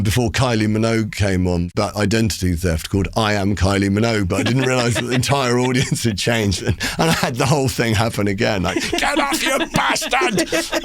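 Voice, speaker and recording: A middle-aged male poet, a guest in a studio interview, telling an animated, theatrical story with many restarts and voices acted out. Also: on the low side. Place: recording studio.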